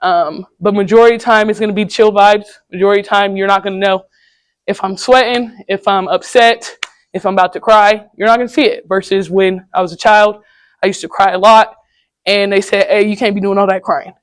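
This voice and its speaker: Casual young woman telling it straight to a high school class, mid pitch, dead dry room. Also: steady tone, a little fast, clean tone, dry recording. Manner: casual, candid storytelling with slang. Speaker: guest speaker at a high school. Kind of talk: candid personal talk to students.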